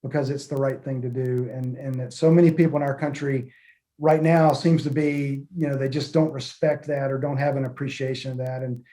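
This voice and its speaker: A middle-aged man speaking as a podcast guest, talking in an earnest, measured way with frequent fillers and restarts. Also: medium pitch, flat delivery, mellow. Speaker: podcast guest, former military pilot. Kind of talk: reflective interview talk.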